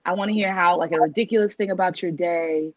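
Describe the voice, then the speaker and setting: A woman's voice: fairly low pitch, fairly even intonation, fast, dry recording, dull audio. A young woman co-hosting a podcast, laughing readily and speaking directly to the listeners. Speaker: podcast co-host. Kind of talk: casual chat.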